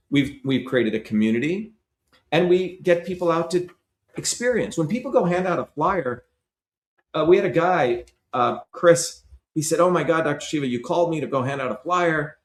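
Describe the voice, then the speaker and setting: Emphatic man in an echoey room. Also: a little high. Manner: emphatic, repeats "right?" and "you see?". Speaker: interview guest, Senate candidate. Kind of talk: impassioned interview talk.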